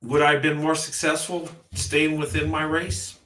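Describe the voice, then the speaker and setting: A man's voice: fairly high pitch, level tone, moderate pace, fairly bright tone. Earnest man in his fifties, roomy. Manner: earnest and emphatic, building with repetition. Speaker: vlogger. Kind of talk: heartfelt vlog monologue.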